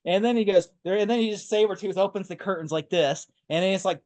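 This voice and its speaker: A man co-hosting a casual movie talk, excitedly retelling scenes in a rambling way. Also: high voice, quick pace. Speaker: podcast co-host.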